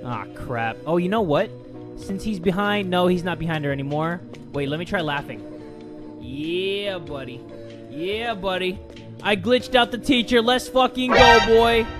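A young man giving loud, excitable let's-play commentary, swearing often, with game music behind. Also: high voice, normal speed. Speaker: gaming YouTuber.

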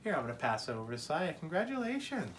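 Upbeat exclaiming woman, lively pitch. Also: quick pace, noisy background. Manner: upbeat, exclaiming, coaxing a child along. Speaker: family vlogger. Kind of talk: casual home unboxing chat.

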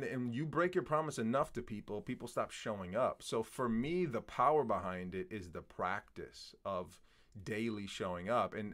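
A man's voice: on the low side, fairly bright tone. A man in casual conversation, talking earnestly in a motivational way and asking rhetorical questions.

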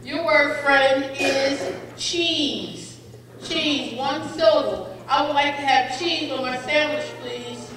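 A woman pronouncing spelling bee words slowly and clearly, with definitions and example sentences, encouraging each speller. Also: high-pitched, a bit bright, a little hiss or hum. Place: school gym or hall. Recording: echoey hall, far from the mic, faint crowd.

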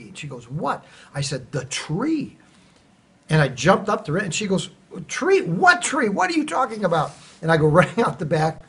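A man, a church planter, telling a personal testimony in a casual, animated way, acting out quoted dialogue. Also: a little high, slightly rough. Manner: conversational, animated retelling with quoted dialogue and restarts. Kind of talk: casual spoken testimony storytelling.

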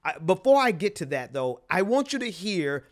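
Man, softened southern accent, commentary host, emphatic, scornful, restarts sentences, somewhat high voice. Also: big pitch swings, normal speed. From Mississippi, US South. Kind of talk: opinionated political commentary.

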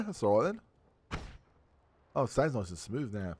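Creaky, lively man playing a game. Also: medium pitch, fairly quick. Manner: excitable, swears often, yelps at surprises. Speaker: gaming video creator. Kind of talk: let's play commentary, thinking aloud.

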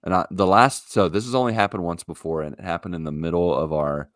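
A man with a very deep, low voice tells a story in an animated, exasperated way. It is a casual podcast chat on a podcast mic. The sound is dry and close. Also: quick pace, no room sound. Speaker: podcast co-host.

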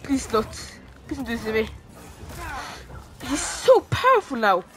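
A woman giving casual commentary on her own gameplay, reacting out loud, pleading with and taunting the enemy, and swearing now and then. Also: fairly high pitch, sing-song, unhurried, soft background music. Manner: reactive, pleading and groaning at the game. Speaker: gamer streaming a playthrough.

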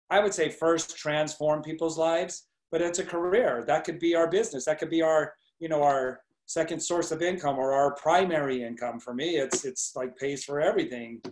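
A man's voice: fairly high pitch, darkish tone. A man hosting a business training call, enthusiastic and encouraging as he coaches the group. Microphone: video call. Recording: echoey room over video call.

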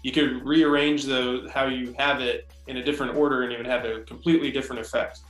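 Guy interviewer, flat monotone, lots of ums, echoey room w faint music. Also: mid-range voice, fast. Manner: hesitant, many fillers. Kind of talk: interview questions.

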